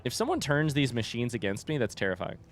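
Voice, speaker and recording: A man's voice: medium pitch, very animated, fast talker, a little hiss or hum. A young man casually chatting and joking while playing through a game. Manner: chatty, joking, yelps when startled. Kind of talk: casual gameplay commentary.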